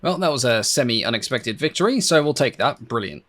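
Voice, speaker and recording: A young man giving chatty, excitable commentary while playing a naval strategy game, with wry asides. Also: mid-range voice, fairly quick. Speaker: gaming YouTuber.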